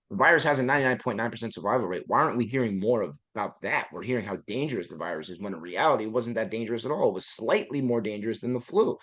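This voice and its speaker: A man's voice: mid-range voice, a bit bright. A man in a heated podcast chat, talking in an emphatic, profane way and often asking "right?". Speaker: podcast guest.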